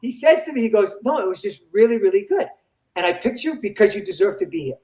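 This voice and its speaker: An older man, a comedian guest, telling an animated story in an interview and acting out the dialogue. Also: high-pitched, fast talker. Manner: animated, acts out quoted dialogue. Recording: roomy echo.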